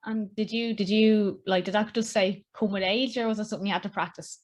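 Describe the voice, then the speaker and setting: Woman, podcast host, quick talker, casual questions and short joking asides. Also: mid-range voice, fairly even intonation. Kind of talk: casual interview chat.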